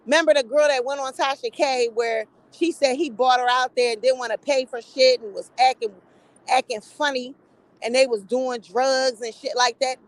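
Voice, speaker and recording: A woman with a high voice talks in an unfiltered, profane way, with an animated, gossipy edge. She sounds middle-aged and speaks as a commentator holding forth to her viewers. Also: moderate pace, no echo, poor audio. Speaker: commentary vlogger. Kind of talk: casual opinion commentary.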